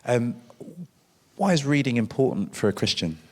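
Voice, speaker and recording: A man's voice: medium pitch, very animated, moderate pace, a little mellow. Male host, friendly interviewer, easy short questions, hall reverb. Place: church venue before an audience.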